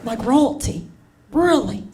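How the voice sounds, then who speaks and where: A woman in her forties delivers a brassy, chatty stand-up set to a live, laughing audience, calling them honey and y'all. Her voice sits high and is expressive yet slow, against a noisy background.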